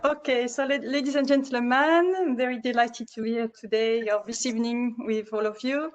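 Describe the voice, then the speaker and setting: A woman with as her walks a webinar audience through a hotel over a video call. Her voice sits fairly high and she hesitates and restarts often. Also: steady tone, moderate pace, muffled recording. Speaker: hotel presenter. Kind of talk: webinar presentation.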